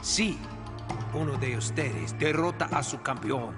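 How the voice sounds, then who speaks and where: A man's voice: mid-range voice, animated, moderate pace, fairly bright tone, soft background music. An actor playing an adult male cartoon fighter who speaks with stiff, oddly placed stress. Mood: proclaiming. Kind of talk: animated series dialogue.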